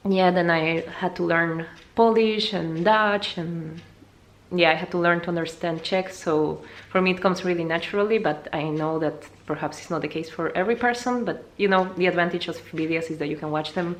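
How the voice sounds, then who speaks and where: A young woman, not a native English speaker, teaching a casual video language lesson in a chatty way, jumping high in pitch to show words. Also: moderate pace. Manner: lively, jumps high to demonstrate words, chatty with fillers.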